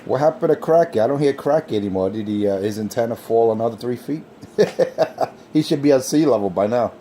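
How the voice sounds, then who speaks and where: Low, warm-toned male radio operator, dry and scornful, faint noise behind him. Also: animated, quick pace. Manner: scornful, technical put-downs. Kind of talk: on-air radio banter.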